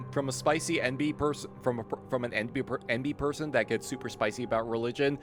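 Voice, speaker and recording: A man's voice: mid-range voice, fast talker, few pauses, music in the background. A man casually commenting on a mystery game during a live stream, chatty and wry, swearing and joking with the chat.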